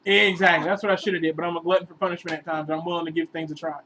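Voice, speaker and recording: A man telling a long, rambling relationship story in a casual vlog, animated and sometimes bursting into exasperated outbursts. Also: fairly high pitch, rapid-fire, slight background noise, rough recording. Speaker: vlogger giving relationship advice.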